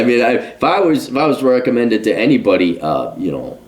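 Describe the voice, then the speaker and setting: A man's voice: medium pitch, big pitch swings, fast, a little mellow. Blunt, profane man ranting in his forties. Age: 40s. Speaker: podcast host. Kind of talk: casual monologue.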